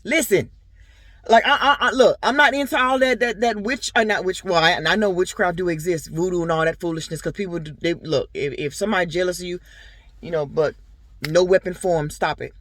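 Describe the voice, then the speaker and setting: A woman's voice: on the low side, a little fast, fairly bright tone, no room sound. Rambling woman vlogger, dry close sound. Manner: rambling, earnest storytelling with many fillers; talks straight to her viewers. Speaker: vlogger and boutique owner. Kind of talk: casual personal vlog talk.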